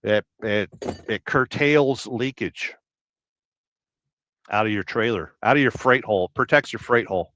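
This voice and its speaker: A man from Southern California hosting a casual trucking livestream. He reads viewer comments aloud and rambles through deadpan, absurd jokes. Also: medium pitch, a little slow, no echo. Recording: dry, slightly dull lo-fi sound.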